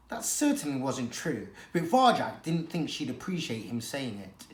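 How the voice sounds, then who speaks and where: At normal speed with hardly any pauses, a teacher reads a children's novel aloud, expressive and dramatic. The voice sits mid-register with lots of rising and falling pitch, and the room has a noticeable echo.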